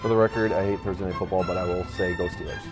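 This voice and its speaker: Very deep-voiced man giving sports picks. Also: fairly even intonation, rapid-fire, loud music behind the voice. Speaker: podcast co-host. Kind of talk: casual sports picks chat.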